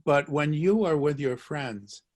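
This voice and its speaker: A man's voice: a little high, measured pace. A man teaching a live online language lesson, joking, encouraging and repeating phrases for his students. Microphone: video call.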